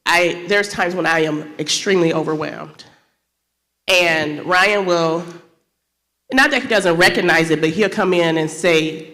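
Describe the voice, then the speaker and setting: A woman's voice: lowish voice, normal speed. A woman speaking on a panel as a wife and business owner, earnest and a little emotional. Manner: earnest, a bit emotional, laughs softly. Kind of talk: candid panel answer. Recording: long hall reverb.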